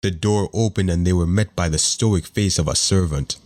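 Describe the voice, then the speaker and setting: A man reads a fantasy audiobook aloud in a very low voice. His delivery is steady and measured, in the manner of scripted narration.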